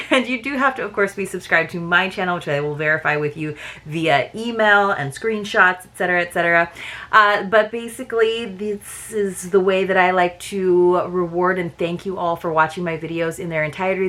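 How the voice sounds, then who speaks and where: Woman doing an unboxing vlog, low-ish voice, casual chatty rambling with lots of uhs. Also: sharp tone. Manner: chatty, with frequent "uh" fillers. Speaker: unboxing channel host.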